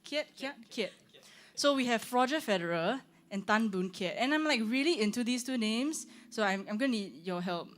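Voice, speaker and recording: A woman's voice: on the high side, animated, fairly quick, few pauses. A young woman, a singer chatting casually on a livestream, rambling with lots of "like" and "um". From Singapore. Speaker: singer hosting her own launch stream. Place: room with her band.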